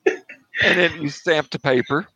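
A man's voice: medium pitch, moderate pace, fairly bright tone, no room sound, low-quality recording. A man narrating as game master of a tabletop game, playful and laughing often.

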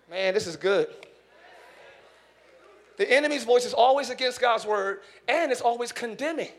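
A man pastor preaching a sermon in church, animated, acting out voices and shouting for emphasis. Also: very high-pitched, brisk. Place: church sanctuary.

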